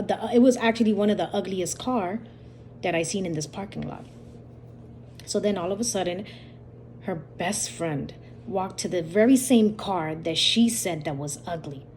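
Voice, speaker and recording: A woman's voice: on the low side, darkish tone, slight background noise. A woman hosting her own channel, casually retelling a dream in a rambling, repetitive way full of quoted dialogue. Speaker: channel host. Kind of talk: casual storytelling about a dream.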